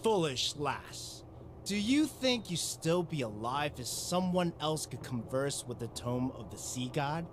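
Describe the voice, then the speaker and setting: A man's voice: fairly high pitch, very animated, a little slow, a little hiss or hum. An actor playing a cold, scheming older male city ruler in a video game, speaking in a condescending, commanding way.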